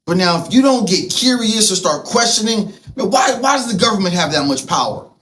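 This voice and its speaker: A man with a high-pitched voice gives a fired-up political monologue, swinging from near-shouts to hushed asides and swearing freely. A faint hiss sits under the recording. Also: lively intonation, a little fast. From United States. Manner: fervent, swings loud and soft, profane. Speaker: political vlogger. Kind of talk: impassioned monologue.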